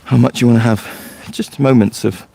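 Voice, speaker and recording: A man's voice: medium pitch, steady tone, moderate pace, gravelly, warm tone, breathy edge, no echo. A man, a forest school leader chatting casually and explaining things in a loose storytelling way. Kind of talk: casual podcast chat.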